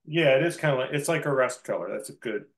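A man's voice: mid-range voice, expressive, quick pace, poor audio. A man chatting casually on a video call, reminiscing and admiring artwork. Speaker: artist in a group session. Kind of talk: casual chat.

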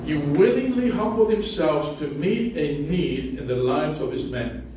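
A male pastor preaching in a church, chatting through his stories with a touch of self-mockery. His voice sits a little high and comes from some way off the mic. The big, reverberant sanctuary makes him sound very echoey, with a faint hiss of room noise underneath. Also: lively intonation, a little slow, mellow. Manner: conversational storytelling, self-deprecating humor. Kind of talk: sermon. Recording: very echoey hall, distant mic.

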